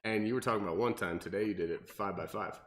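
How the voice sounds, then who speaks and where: A man's voice: on the low side, quick pace, a bit bright. A man, a personal trainer, asking questions and adding details in a casual chat. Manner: asks questions, corrects and adds details.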